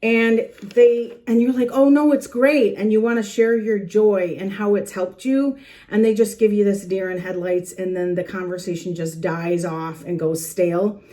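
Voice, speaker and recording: A middle-aged woman speaks earnestly and chattily to her camera from a planner room at home. Her voice sits at a middle pitch, and she keeps the talk casual, with small laughs and restarts. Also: fairly even intonation, normal speed, mellow. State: a little out of breath. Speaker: journaling channel host. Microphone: camera facing her.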